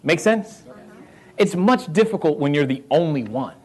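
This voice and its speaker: Middle-aged Southern American man, fairly high-voiced motivational speaker who works the crowd with questions and laughs. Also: normal speed, breathy edge. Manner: animated, questions the audience, laughs often. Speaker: real estate investor speaking to a live audience. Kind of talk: motivational talk.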